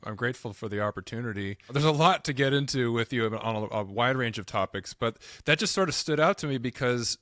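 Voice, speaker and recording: A man hosting a podcast, asking thoughtful, measured interview questions. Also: mid-range voice, fairly bright tone, no echo, clean studio sound. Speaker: podcast host.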